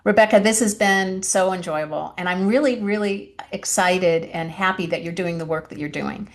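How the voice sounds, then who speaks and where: This is a woman hosting a podcast, warm and encouraging as she affirms her guest and thanks her listeners. Her voice sits a little lower than most women's. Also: moderate pace. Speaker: podcast host. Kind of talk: podcast interview talk.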